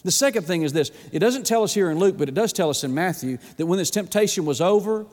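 Man, sermon, folksy and emphatic, slightly high voice, long hall reverb. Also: animated, quick pace, a little mellow. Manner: folksy, emphatic, repeats "my friend". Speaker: preacher.

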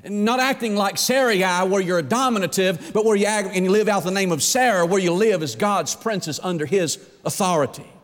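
A man's voice: high voice, a little fast, hardly any pauses. A man preaching a sermon as pastor, folksy and emphatic, asking the congregation rhetorical questions. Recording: echoey hall reverb.

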